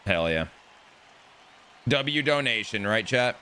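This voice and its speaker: Low, bright-voiced casual streamer guy. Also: lively intonation, slow pace, a little hiss or hum. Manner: loose, swearing, talks to chat. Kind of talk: casual live-stream chat.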